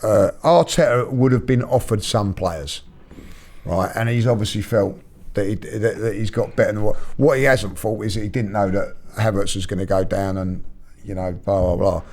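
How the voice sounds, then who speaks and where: Brief: male podcast co-host, halting and rambling casual talk. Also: lowish voice, darkish tone. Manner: rambling, halting, many fillers and repeats. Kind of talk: casual football chat.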